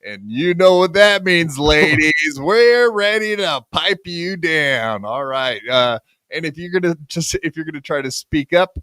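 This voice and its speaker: Podcast host, male, slightly high and smooth voice, jokey and self-deprecating, close dry mic. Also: animated, unhurried, a bit bright, dry recording. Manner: joking, self-mocking, rambling with many "uh"s. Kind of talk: casual podcast banter.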